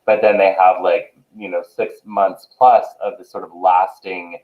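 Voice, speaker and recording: Low-voiced man on a tinny, echoey line. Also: level tone, measured pace. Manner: agreeable, filler-heavy. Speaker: co-host. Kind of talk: casual chat.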